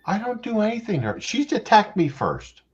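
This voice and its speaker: A man's voice: sits high, a little fast, heavy background noise. A man hosting a livestream in casual chat, joking, swearing and poking fun at himself. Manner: joking, swearing, self-mocking, animated. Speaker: livestream host. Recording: dull lo-fi sound.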